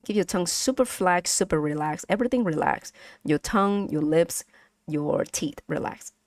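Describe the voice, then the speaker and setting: A woman's voice: lowish voice, expressive, moderate pace, no room sound, clean studio sound. A woman with a Vietnamese accent teaching pronunciation on a casual live stream, patiently repeating sounds for her chat.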